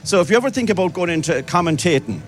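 An Irish man hosting a live radio outside broadcast. His voice sits a little high for a man, and he keeps up cheerful, chatty banter with guests and passers-by. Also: expressive, fast talker, faint music behind.

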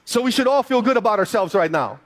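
A man's voice: high voice, sing-song, quick pace, fairly bright tone, a little hiss or hum. A man preaching a sermon, reading scripture aloud and then pressing his points with repetition and emphasis. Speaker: pastor.

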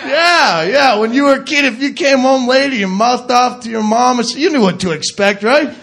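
High, gravelly man ranting on stage. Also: normal speed, slight background noise. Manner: shouted, mock-nostalgic ranting. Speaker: stand-up comedian. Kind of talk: stand-up routine. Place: comedy club stage. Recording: live club set with crowd laughter.

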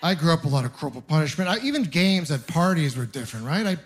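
A man in his thirties from Ontario doing a stand-up comedy set, telling stories with animated, acted-out voices. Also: a little high, fast talker. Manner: animated storytelling, acting out voices. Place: comedy club stage with audience.

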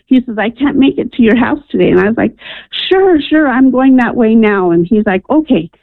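A woman's voice: on the high side, a little fast, gravelly, no echo. Woman caller telling her story over a tinny phone line. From New Mexico, USA. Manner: earnest, animated storyteller acting out voices. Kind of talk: personal story told on a call-in show.

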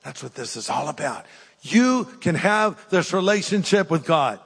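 An older man preaching a sermon with an altar call, earnest and pleading, swinging between raised emphasis and hushed, soft appeals. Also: a little high, very animated, moderate pace, gravelly, husky, long reverb tail. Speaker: pastor. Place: church hall with live audience.

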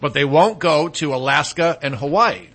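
A male talk show host with a high, bright voice, loose and jokey in casual banter. He rambles a bit, drops fillers and jumps between thoughts. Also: moderate pace, slightly rough. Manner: animated, joking, trails off into fillers.

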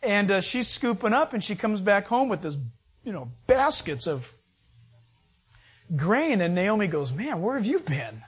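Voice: mid-range voice, animated, measured pace, pauses often, fairly bright tone, breathy edge. A preacher giving a sermon, retelling a Bible story in a casual, conversational way with everyday fillers.

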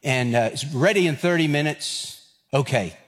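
A pastor in his fifties preaches in a long-ringing sanctuary. His voice sits a bit high for a man, and he spins homespun stories, acting out both sides of the talk. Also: moderate pace, big-room sound. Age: 50s. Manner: folksy storytelling, acts out dialogue. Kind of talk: sermon.

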